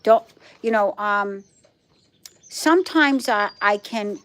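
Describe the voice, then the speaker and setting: Speaking slowly in a medium-pitched, slightly bright voice, a middle-aged Brooklyn native with a Brooklyn accent hosts a casual livestream chat. She stays emphatic and repeats herself often.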